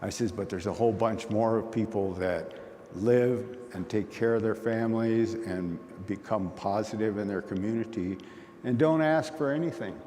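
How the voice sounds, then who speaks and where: Man, low mellow voice, folksy storyteller at a conference, long hall reverb, faint hiss. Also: moderate pace. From Oneida community. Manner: storytelling, folksy, plain-spoken. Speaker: conference speaker. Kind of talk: conversational talk.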